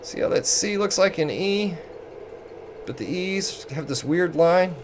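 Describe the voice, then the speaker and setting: A man's voice: high-pitched, lively intonation, unhurried, background noise. A man giving casual let's play commentary in a chatty, joking, self-deprecating way.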